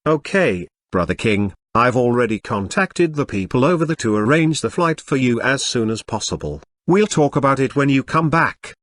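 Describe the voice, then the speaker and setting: A text-to-speech male voice reading the lines of an eager young male disciple in flat machine tones. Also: medium pitch, moderate pace, few pauses, no echo, clean studio sound.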